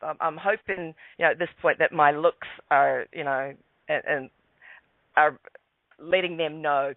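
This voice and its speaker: A man, a guest calmly telling a personal story, repeating words as he goes. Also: a little high, vocal fry, no echo. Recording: phone line, dry.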